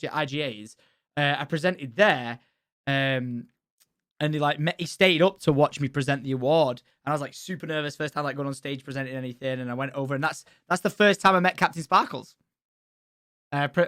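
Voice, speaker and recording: A young man chatting casually on a stream, animated, swearing freely and laughing often. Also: on the high side.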